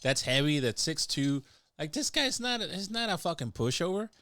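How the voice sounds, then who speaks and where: A man's voice: fairly high pitch, very animated, moderate pace, bright, forceful tone, no echo. A man chiming in on a friend's story in a casual, profane way. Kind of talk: casual chat.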